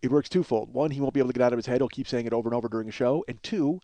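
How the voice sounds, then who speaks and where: A man's voice: mid-range voice, rapid-fire, mellow, a little hiss or hum. A man in his forties hosting a comedy podcast, rambling through absurd running bits and laughing at his own jokes. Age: 40s.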